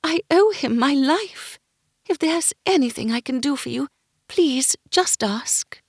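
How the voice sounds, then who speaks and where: A woman voicing a kind, soft-spoken noble lady. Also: high-pitched, expressive, slow pace, dry recording, studio quality, voice pushed up, full character voice. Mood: sympathetic.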